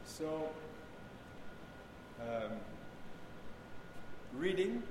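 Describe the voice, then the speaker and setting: A man's voice: a little high, big pitch swings. Man teaching chant in an echoey hall. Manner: explains slowly, sings examples of chant. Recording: echoey hall with background noise.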